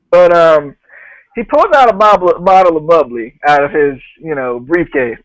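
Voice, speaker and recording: A man's voice: on the high side, lively intonation, a little slow, no echo, low-quality recording. A man hosting a podcast, casually retelling a show and laughing often as he quotes people. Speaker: podcast host.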